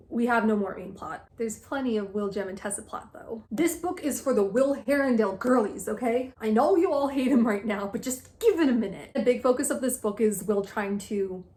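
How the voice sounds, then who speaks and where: A woman's voice: on the high side, darkish tone. A young woman doing a chatty, gushing book recap full of self-mocking asides. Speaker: book vlogger.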